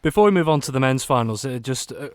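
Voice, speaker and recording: A man with a Manx accent presenting a radio sports round-up, leading into each result in a steady scripted way. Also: mid-range voice, fast talker, no room sound, clean studio sound. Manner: steady, scripted link delivery.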